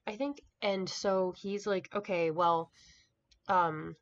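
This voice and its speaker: A woman reviews a book in a laid-back vlog, rambling through a plot summary with plenty of filler words and an exasperated, dismissive attitude. She speaks slowly in a steady, mid-range voice, and the dull lo-fi home recording carries a faint hiss.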